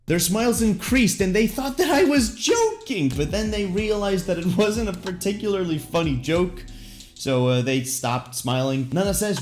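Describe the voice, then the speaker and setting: A man's voice: high voice, lively intonation, normal speed, faint music behind. A young man telling an embarrassing story in a comedic storytime monologue, jokey and self-deprecating with puns and asides. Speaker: vlogger.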